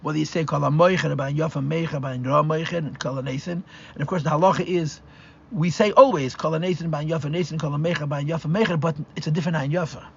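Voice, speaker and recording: A man's voice: on the high side, steady tone, quick pace, creaky, slightly rough. A man, a rabbi, teaching a live class, explaining step by step and thinking aloud with restarts. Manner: explanatory, mixes Hebrew and Yiddish terms, restarts and thinks aloud. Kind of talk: live Torah class lecture. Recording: dull lo-fi live class recording.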